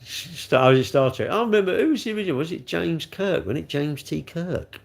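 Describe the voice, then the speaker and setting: A man in his sixties with a gravelly voice, hosting a casual live stream, chatting and joking as he answers viewer comments. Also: on the high side, expressive, a little fast. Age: 60s. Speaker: livestream host reading chat.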